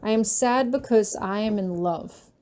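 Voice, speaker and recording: Mellow-voiced woman reading fanfiction aloud. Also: medium pitch, unhurried. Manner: emotional, earnest storytelling. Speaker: fanfiction reader. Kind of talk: first-person audiobook narration.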